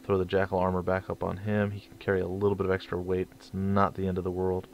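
A man's voice: deep voice, completely flat delivery, quick pace, vocal fry, a little mellow, lo-fi sound. A young man casually commentating his strategy game, rambling and stumbling over his words. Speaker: let's play host.

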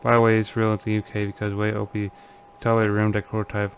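A man with a low, fairly monotone voice reads through forum threads and comments on them. He laughs nervously and often trails off into quiet, uneasy mutters. A faint hum sits under the recording. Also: fast talker. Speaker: channel host. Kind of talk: casual commentary reading forum posts.

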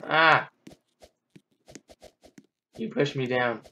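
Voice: mid-range voice, moderate pace, fairly bright tone, lo-fi sound. A gamer giving playful, chatty commentary on a game, squealing and exclaiming while playing. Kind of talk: gameplay commentary.

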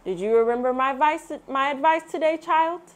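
A woman puts on a gentle, wise storybook father. He asks quick, probing questions in a voice pitched above her usual reading voice. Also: natural voice. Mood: patient.

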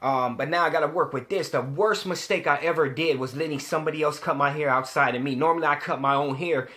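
A young man vlogging to the camera, telling a story with plenty of swearing. His voice sits a little high for a man, and he keeps circling back and repeating words as he gets heated. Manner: animated, profane, repeats himself when worked up.

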